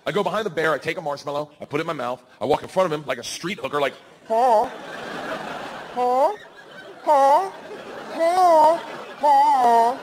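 Loud, animated stand-up comedian man. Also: on the high side, racing, hardly any pauses, a faint crowd, a little hiss or hum. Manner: loud, animated, bursting into shouts and laughter.

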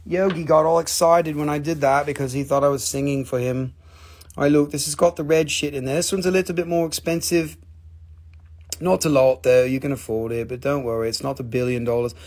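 A man hosting a live online mineral sale, teasing buyers with goofy banter and sudden high squeals. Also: fairly even intonation, brisk, a little mellow. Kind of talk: joking live-stream sales banter.

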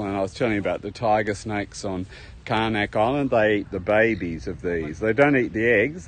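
Aussie guy chatting while he walks a beach park, filming himself, bit of outdoor noise behind. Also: lowish voice. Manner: chatty, rambling, addresses viewers as folks. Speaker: travel vlogger. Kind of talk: casual walking tour commentary. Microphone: handheld camera while walking.

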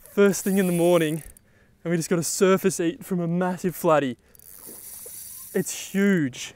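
Aussie guy hyped up fishing, smooth voice, kinda high, dry close sound. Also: slow pace, long pauses, no echo. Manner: excitable, exclaiming. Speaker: fishing vlogger. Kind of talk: excited outdoor fishing commentary. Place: outdoors on the water.

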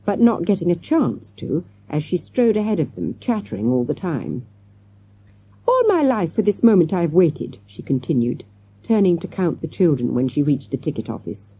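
Warm husky woman narrating a children's story. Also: deep voice. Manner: lively storytelling with many character voices. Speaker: audiobook narrator.

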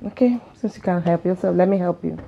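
A woman's voice: on the low side, fast talker, gravelly. An actress playing a young woman who serves dinner to her boyfriend and his friend, sweet and fussing over them. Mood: doting. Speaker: girlfriend serving the meal. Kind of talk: film dialogue. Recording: dull noisy film sound.

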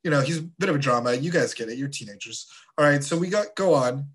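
A man teaching a confirmation class of teenagers in a relaxed, chatty way with playful asides. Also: medium pitch, fast talker. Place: church.

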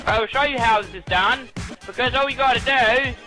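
A man's voice: extremely high pitch, moderate pace, poor audio. A man hosting a gaming video, chatting casually and crudely with friends, swearing constantly and joking. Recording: game music underneath.

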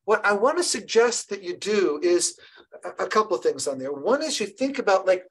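A woman leading an online training session for early childhood educators, lively and encouraging, often restarting her sentences. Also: medium pitch, normal speed, husky, rough recording. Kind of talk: online professional development session.

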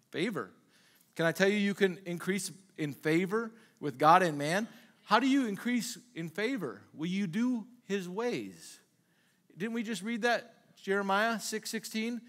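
Pastor guy preaching, kinda high voice, chatty, keeps asking "can i tell you" style questions. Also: fairly bright tone. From Minnesota. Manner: conversational preaching, frequent rhetorical questions and acted-out quotes. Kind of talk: sermon.

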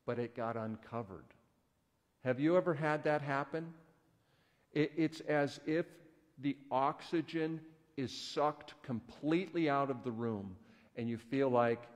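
A man who is a pastor, telling a story in a conversational, folksy sermon in a church. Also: medium pitch. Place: church sanctuary. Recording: echoey church hall.

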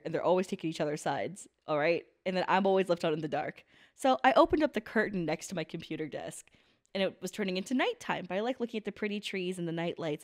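A young woman casually reacting to an anime episode at home on a headset mic, animated, laughing a lot and swearing casually. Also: mid-range voice. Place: large open downstairs room at home.

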